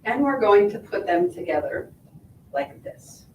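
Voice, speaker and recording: A woman's voice: medium pitch, lively intonation, a little slow, far from the mic, a little hiss or hum. A woman sewing instructor giving a hands-on quilting demonstration, explaining step by step and checking in with her viewers as she goes. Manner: friendly step-by-step explaining, checking in with "right?" and "okay?". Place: sewing shop or studio. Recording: echoey room, voice from off-mic.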